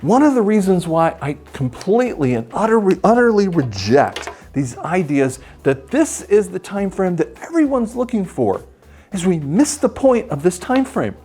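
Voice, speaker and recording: Male Bible teacher, sermon delivery, lively swooping pitch, husky tone, faint music underneath. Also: normal speed. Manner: animated, acts out quoted voices.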